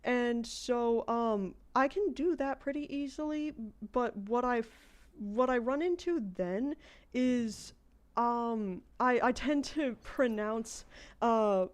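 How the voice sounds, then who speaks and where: A woman's voice: a little high, slow pace. An American woman streaming a game, chatting casually with her viewers and thinking aloud at length as she plays. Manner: rambling, thinks aloud while playing. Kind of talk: casual livestream chat.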